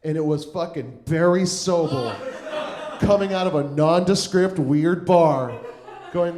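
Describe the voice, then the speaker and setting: Guy doing standup, kinda high voice, rambly self-mocking story, roomy club mic. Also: normal speed, darkish tone. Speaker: stand-up comedian. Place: comedy club stage.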